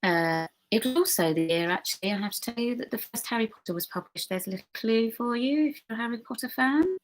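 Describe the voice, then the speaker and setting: A woman hosting an online pub quiz, reading questions slowly and chatting and giggling with viewers in between. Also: on the high side, animated. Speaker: quiz host.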